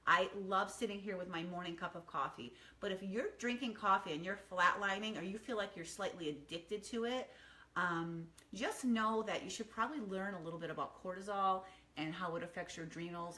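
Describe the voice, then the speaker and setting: Bright-voiced upbeat woman chatting. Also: medium pitch, a little hiss or hum. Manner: chatty, upbeat, rambling with many ums. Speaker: wellness vlogger. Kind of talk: casual morning chat to camera. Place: quiet home kitchen.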